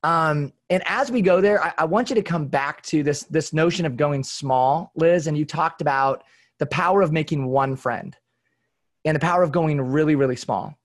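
An interviewer asking a guest questions in a measured, deliberate way and adding encouraging backchannels. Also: mid-range voice.

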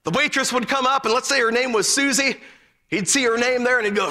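A male preacher delivering a fervent sermon, telling stories and breaking into emphatic shouts. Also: very high voice, a little fast, long reverb tail.

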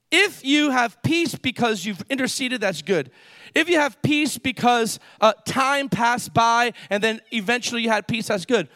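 A preacher man with an unusually high, bright, forceful voice gives an animated sermon. He acts out panicked voices and works his way up to shouting. The sound is dry and close, with no room echo.

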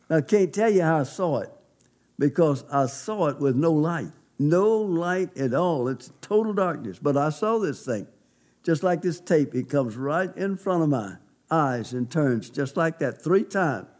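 A man's voice: a little high, expressive, unhurried, darkish tone. A man preaching as a pastor, telling his own testimony in an emphatic, folksy storytelling way. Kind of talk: sermon testimony.

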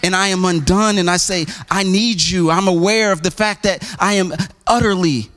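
High-voiced man preaching a sermon. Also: moderate pace, a bit bright, slight background noise. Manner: conversational preaching with many restarts and asides; acts out quoted voices with big pitch jumps. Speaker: pastor.

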